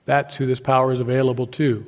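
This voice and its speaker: A man's voice: medium pitch, flat delivery, fast talker. A man preaching a sermon as pastor, emphatic and using homely everyday analogies. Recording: dull lo-fi sermon recording.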